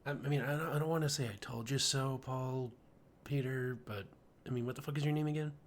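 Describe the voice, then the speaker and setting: Male podcast host, average pitch, rambling and exasperated. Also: steady tone, brisk, slight background noise. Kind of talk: casual podcast chat and comedy sketch.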